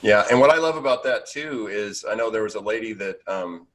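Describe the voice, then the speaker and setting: A man's voice: fairly low pitch, lively intonation, a little fast, fairly bright tone, poor audio. A man hosting a casual video-call interview, rambling with many restarts and fillers. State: out of breath. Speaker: podcast host.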